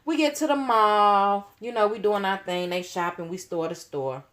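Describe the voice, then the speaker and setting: A woman's voice: medium pitch, normal speed. Slangy woman telling a story. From Chicago. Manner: animated, slangy, leans on "you know what I'm saying". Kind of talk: casual storytime.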